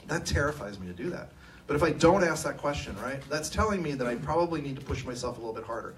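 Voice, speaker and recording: A man's voice: fairly high pitch, expressive, fast talker, slight background noise. A middle-aged man from California, co-owner of an engineering firm, telling personal stories with self-deprecating humor in a conference talk. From Sacramento, California. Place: event room at a live talk. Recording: distant mic, faint room ambience.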